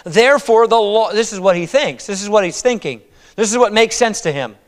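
A male pastor preaching a sermon, voicing a prophet's laments in loud, high, dramatic cries and praying in a softer, lower voice. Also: expressive, brisk. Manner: soft, low prayer voice. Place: church sanctuary. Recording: long reverb of a church hall.

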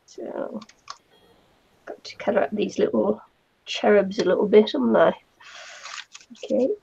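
A woman's voice: mid-range voice, unhurried, gravelly, dark tone, slightly rough. A woman with a New Zealand accent chatting casually on a video call while she crafts, laughing often and murmuring to herself as she works. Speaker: craft channel host. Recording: dull lo-fi call audio with faint noise.

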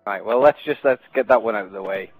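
A man's voice: lowish voice, fast talker, no room sound, phone-quality sound, soft background music. A young man on a gaming headset, chatting casually and mocking others with sarcastic, swear-heavy banter. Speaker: gaming vlogger. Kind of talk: casual party chat.

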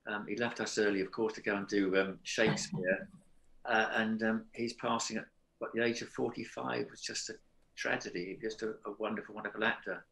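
Older man reminiscing, low voice. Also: fairly even intonation, gravelly, rough recording. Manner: warm, earnest, halting with ums. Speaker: former cast member.

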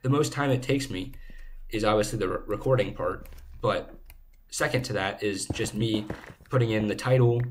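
A young man hosting a gaming channel, chatting casually and rambling playfully while he plays, recorded on a low-quality home microphone. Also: noisy background. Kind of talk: casual chat while playing. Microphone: low-quality desk microphone.

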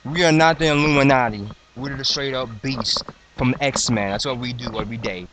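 A man in his twenties hyping up his rap crew, boastful, excitable and mock-dramatic. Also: medium pitch, normal speed, a crowd in the background. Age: 20s. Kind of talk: hyped comedic freestyle intro.

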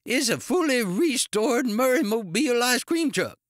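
A croaking old ice cream man. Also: wildly swooping pitch, extremely slow, dry recording, clean studio sound, exaggerated voice. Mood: outraged. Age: older. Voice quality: croaking, high-pitched yelling.

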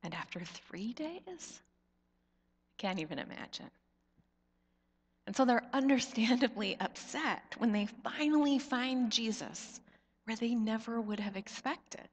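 Slow reflective woman preaching in echoing church. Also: a little high. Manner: slow, reflective storytelling with soft drops in volume. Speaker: pastor. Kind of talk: sermon. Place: church sanctuary. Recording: long church reverb.

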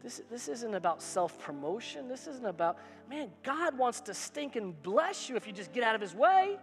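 A man's voice: extremely high pitch, very animated, normal speed. A male pastor preaching a sermon, emphatic and repetitive, with call-and-response phrases. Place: church sanctuary. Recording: hall reverb with faint music.

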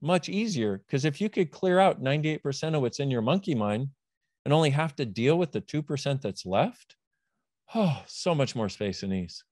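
A man as an interview guest, explaining his ideas in a lively, emphatic way and acting out little back-and-forth dialogues. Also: mid-range voice, normal speed, no echo, studio quality. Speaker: guest, self-help author. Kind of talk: animated conversational explaining.

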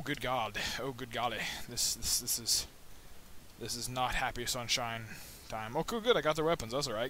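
A gameplay commentator rambles and jokes through a let's play, breaking into sudden high, excited yelps. He talks at a normal speed on a new budget microphone that picks up a little hiss or hum.

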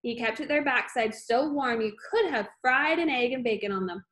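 A woman's voice: fairly high pitch, moderate pace, fairly bright tone, lightly acted. Woman doing the Trunchbull, a bullying headmistress. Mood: scornful. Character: bullying huge female headmistress, harsh and scornful.

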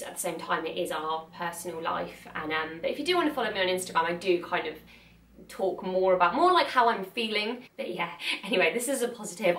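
A woman's voice: medium pitch, a bit bright, distant mic. A young woman talking candidly to camera in a chatty, earnest way, laughing often. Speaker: vlogger. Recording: echoey room, mic set back.

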